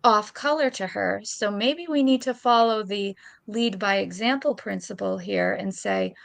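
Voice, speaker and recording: Woman with a gravelly voice, chatting. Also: medium pitch, unhurried. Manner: animated, opinionated storytelling. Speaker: podcast co-host. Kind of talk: casual chat.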